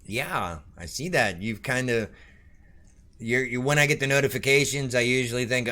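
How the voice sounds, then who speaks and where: Bright-voiced joking male streamer. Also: medium pitch, moderate pace. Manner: joking, swearing, rambling. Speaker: streamer and show host. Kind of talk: casual stream chat.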